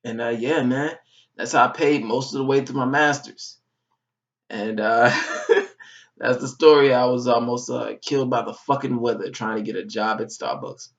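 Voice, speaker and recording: A young man from Georgia in his twenties, telling a funny story in a vlog, animated and full of swearing. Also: mid-range voice, moderate pace. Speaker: vlogger. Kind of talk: comic storytelling. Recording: dull, slightly distant recording.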